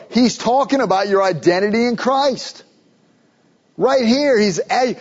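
A pastor preaching a sermon, emphatic, building to urgent questions. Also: male voice, very high voice, moderate pace, slightly rough, muffled recording.

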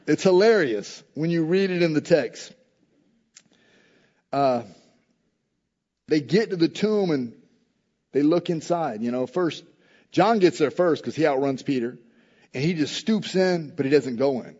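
A male pastor preaching a sermon, telling the story in a lively, humorous way and acting out the people in it. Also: a little high, measured pace, long pauses. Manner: animated storytelling, acting out quoted lines with humor. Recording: echoey hall, dull lo-fi sound.

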